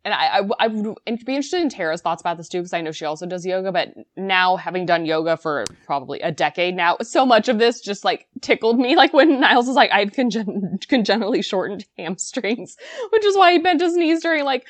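A woman co-hosting a podcast in casual chat, animated and giggly. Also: medium pitch, fairly quick, no room sound. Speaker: podcast co-host.

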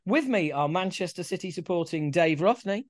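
A man's voice: high voice, lively intonation, moderate pace. Sweary, joking male podcast host. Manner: sweary, self-mocking humour. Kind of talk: casual football chat.

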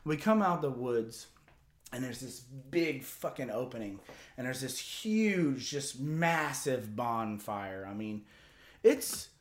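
A man's voice: medium pitch, lively intonation, takes it slowly. A man casually telling a long story as a podcast host, rambling and profane, with lots of filler words.

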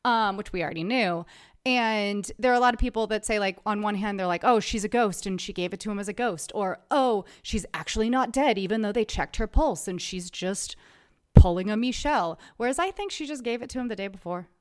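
A woman's voice: medium pitch, a little fast, clear, resonant tone. A woman co-hosting a film podcast, chatty and curious, acting out quotes from scenes and family. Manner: chatty, asks questions, quotes people in little voices. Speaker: podcast co-host. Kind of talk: casual film discussion.

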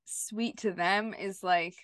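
A woman's voice: mid-range voice, fairly even intonation, slow, fairly bright tone, smooth, no echo. A young woman co-hosting a podcast, chatting casually and giggling, with lots of filler words. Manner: giggly, lots of "like" and "you know". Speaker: podcast co-host. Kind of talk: casual chat.

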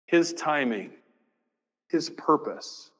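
Guy preaching slow in a big echoey church, goes loud then real quiet. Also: a little high, animated, slightly rough. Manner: dramatic shifts between loud emphasis and near-whispers; acts out dialogue with rhetorical questions. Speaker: pastor. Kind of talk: sermon. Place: church sanctuary. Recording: long reverb of a church hall.

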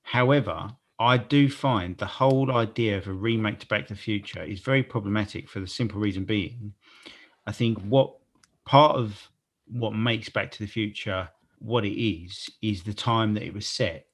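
Animated English man, lowish voice. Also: moderate pace, husky. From Gravesend, Kent, England. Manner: animated storyteller, casual swearing. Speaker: podcast co-host. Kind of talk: casual chat.

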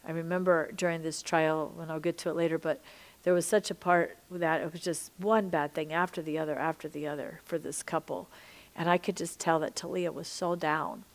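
A middle-aged woman teaching a sermon-style podcast, impassioned, dropping to hushed whispers and rising to loud emphasis. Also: low-pitched, steady tone, fairly quick. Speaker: Christian teacher and minister.

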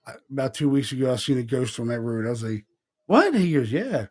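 A man's voice: medium pitch, fairly even intonation, quick pace, darkish tone. A middle-aged man co-hosting a podcast, telling a rambling ghost story in casual chat and acting out the dialogue. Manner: rambling, profane, retells dialogue in quotes. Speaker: podcast co-host.

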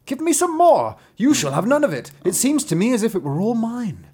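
A man voicing a father in a fairy tale, plaintive and demanding, raising his pitch. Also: huge pitch swings, a little fast, a little mellow, slightly rough, exaggerated voice. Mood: hungry. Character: grieving, greedy father at dinner.

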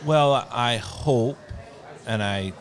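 A man's voice: medium pitch, drawn-out words. A middle-aged man co-hosting a casual chat, joking dryly and sounding gloomy. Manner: dry, joking, gloomy outlook. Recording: lively crowd noise behind.

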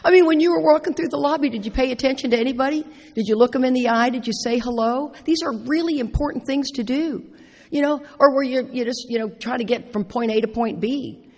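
A middle-aged woman giving a personal recovery talk to an audience, animated and emphatic, repeating phrases for stress. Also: high-pitched, quick pace. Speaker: speaker at a recovery convention. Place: large indoor meeting hall. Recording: reverberant hall.

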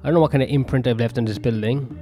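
A man's voice: mid-range voice, steady tone, racing, warm tone, faint music behind. A young man hosting a podcast alone, rambling and swearing in a self-mocking way. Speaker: podcast host and comedian. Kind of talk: solo rambling podcast monologue.

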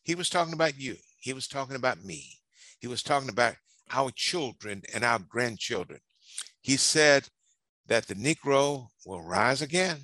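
An older man delivers a history speech in an oratorical, preacher-like rhythm, climbing and slowing down to stress key lines. His voice is bright and forward. The sound is dry and close. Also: mid-range voice, no echo. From North Carolina. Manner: preacherly, swells and slows for emphasis. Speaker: congressman giving a speech.

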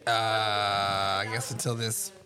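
A man's voice: fairly low pitch, flat delivery, slow, crowd noise. A man co-hosting a sports podcast at a car show. He talks casually, argues his points and often stammers as he starts a sentence. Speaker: podcast co-host.

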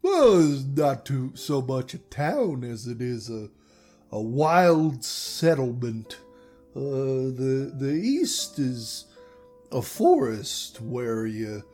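A man's voice: mid-range voice, sing-song, very slow, a little mellow, soft background music, exaggerated voice. A man voicing a friendly, hospitable male animal villager in a tabletop game who speaks in a folksy way.

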